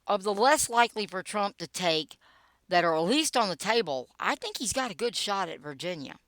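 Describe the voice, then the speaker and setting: A woman's voice: medium pitch, lively intonation, normal speed, fairly bright tone, no room sound. An older woman reading her own political blog post aloud, wry and sarcastic, with dry asides. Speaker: political blogger and podcaster.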